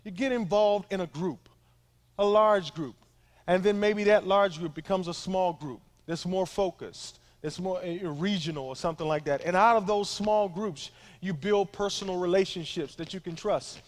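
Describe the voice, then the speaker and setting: A man's voice: high-pitched, normal speed. A middle-aged male pastor giving a sermon to a young crowd, talking in a loose, joking way with asides to the listeners. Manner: conversational, humorous preaching with asides to the crowd.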